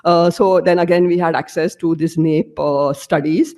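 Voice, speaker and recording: A woman's voice: on the low side, fairly even intonation, moderate pace, darkish tone. A woman lecturer giving an academic presentation, explaining her slides step by step.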